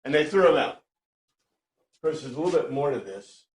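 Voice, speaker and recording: A man's voice: fairly high pitch, animated, moderate pace, roomy sound, slight background noise. Chatty man teaching a class. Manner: chatty, checks in with "right?". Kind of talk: informal lecture to a class.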